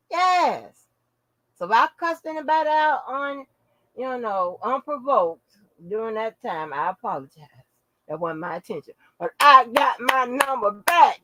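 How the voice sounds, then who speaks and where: Brash, bright-voiced woman vlogger. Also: high-pitched, no room sound, rough recording. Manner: brash, profane and laughing, calls listeners baby and honey. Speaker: channel host. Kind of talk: casual chat to viewers.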